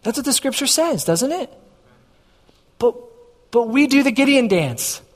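A man's voice: extremely high pitch, big pitch swings, measured pace, in a large hall. A man preaching a sermon as a pastor, telling a story and acting out his own dialogue with God.

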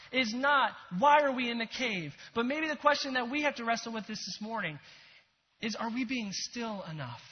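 High-voiced man preaching in a hall. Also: husky, highs cut off. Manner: earnest, animated preaching with whispered quotes. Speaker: pastor. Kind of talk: sermon.

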